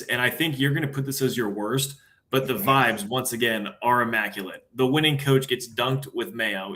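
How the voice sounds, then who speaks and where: A young man with a mid-range voice co-hosts a casual sports talk stream. He runs through his picks in quick, easygoing rundowns and keeps an upbeat tone. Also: mid-range voice, bright, forceful tone. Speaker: sports show co-host.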